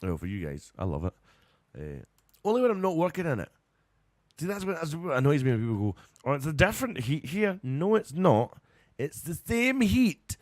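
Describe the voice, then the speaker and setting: A man's voice: fairly high pitch, huge pitch swings, normal speed, darkish tone, dry recording. A Scottish man hosting a live radio stream in casual, rambling chat, often breaking into giggles, and a little tired. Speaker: radio show host.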